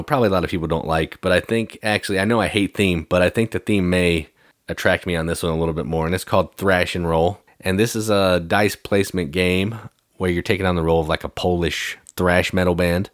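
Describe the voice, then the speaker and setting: Man, podcast co-host, very deep voice, relaxed rambling explanations, dry close sound. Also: brisk, no echo. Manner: relaxed, explains rules with fillers like "like" and "um". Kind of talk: casual board game chat.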